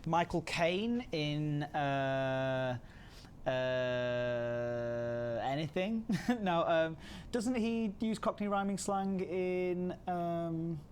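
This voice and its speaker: A man's voice: a little high, extremely slow, slight background noise. A man hosting a casual livestream, chatty and self-deprecating, reading chat messages aloud. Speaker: livestream host.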